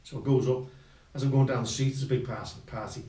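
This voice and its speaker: An older man with a warm, steady, mid-range voice talks fast as he spins rambling, self-mocking stories from his youth as a guest musician, peppered with colloquial slang. The sound is roomy, from a distant mic.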